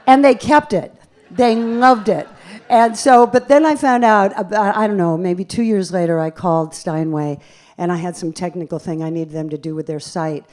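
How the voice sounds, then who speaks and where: A woman pianist and bandleader telling lively, self-deprecating stories from a theater stage into a stage microphone between songs. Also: fairly low pitch, moderate pace. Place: theater stage at a live concert.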